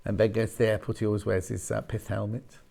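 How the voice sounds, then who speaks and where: A man's voice: fairly low pitch, flat delivery, fast, creaky, mellow. A man presenting fabrics on a live home-shopping show, chatting and rambling between asides as he reads out prices. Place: TV studio.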